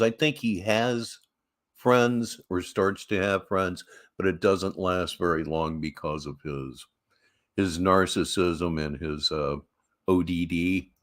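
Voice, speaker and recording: A man hosting a commentary show, analyzing another man's behavior with dry sarcasm. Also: low-pitched. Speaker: commentary host.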